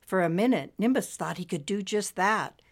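A woman reading a story aloud as narrator, expressive and lively. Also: medium pitch, normal speed.

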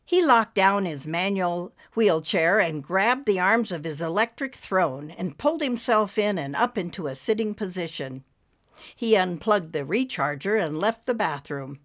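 A woman narrating an audiobook story in a steady, expressive storytelling manner. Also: fairly low pitch, measured pace.

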